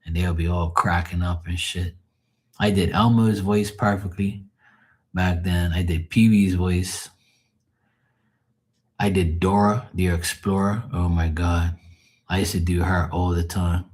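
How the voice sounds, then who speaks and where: Low husky man chatting profanely. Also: steady tone, measured pace, pauses often. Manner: profane, storytelling, chuckling. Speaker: live streamer. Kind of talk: casual rambling chat.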